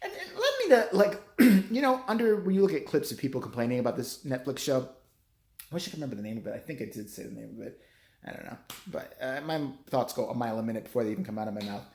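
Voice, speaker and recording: A middle-aged vlogger ranting with heavy sarcasm and constant swearing, the thoughts tumbling out in loose rambles. The pitch swings widely, and the voice bounces around an echoey room. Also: lively intonation, rapid-fire, creaky, a little mellow. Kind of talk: profane rant. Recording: roomy echo.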